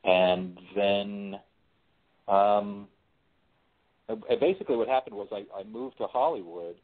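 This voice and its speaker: A man in his forties, a screenwriter and voice actor, chatting casually as an interview guest, relaxed and full of restarts. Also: lowish voice, unhurried. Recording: tinny phone line.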